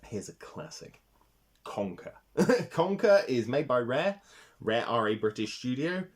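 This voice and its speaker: Man, retro game reviewer, casual vlog, rambling, enthusiastic, sweary, very lively pitch. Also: measured pace.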